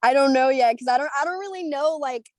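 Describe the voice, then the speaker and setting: Her voice is high and brisk, captured with no room sound: a young singer from the United States being interviewed over a video call. Bubbly and animated, she rambles through her stories with frequent fillers and laughter.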